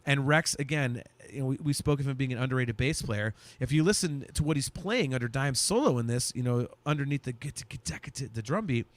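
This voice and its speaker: A man's voice: medium pitch, a little fast, few pauses, no room sound. Chill guy hosting a music podcast, medium voice, dry close mic. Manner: relaxed, enthusiastic, drops in fillers. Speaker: podcast host. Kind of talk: casual chat.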